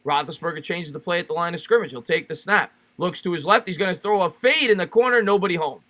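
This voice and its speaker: A man calling live football play-by-play on a stream, excitable and quick to laugh while reading chat messages. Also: high-pitched.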